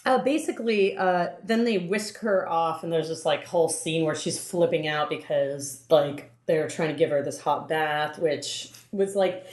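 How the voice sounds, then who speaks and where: A woman's voice: deep voice, measured pace, few pauses, darkish tone. A woman podcast host recapping a film in casual chat, rambling with many fillers and restarts. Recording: roomy, echoey room.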